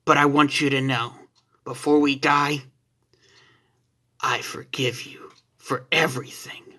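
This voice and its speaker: A man voicing a resolute young alien fighter and father who speaks in a quiet, earnest, subdued way. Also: on the high side, flat delivery, normal speed. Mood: hushed.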